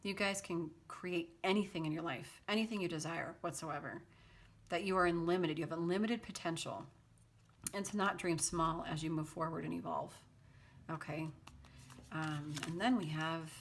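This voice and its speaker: A tarot reader with a lowish, steady voice speaks at a moderate pace, with a slight hiss or hum in the recording. Giving viewers a casual reading, she chats, laughs easily, makes sarcastic jokes, and uses plenty of loose fillers.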